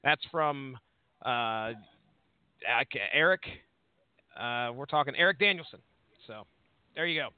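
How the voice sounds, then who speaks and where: A man's voice: mid-range voice, expressive, slow pace, long pauses, clear, resonant tone, no echo. A man hosting a podcast, chatting casually through an album review, rambling and correcting himself as he goes. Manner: rambling, hesitant, self-correcting. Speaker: podcast host. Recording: tinny phone-like line.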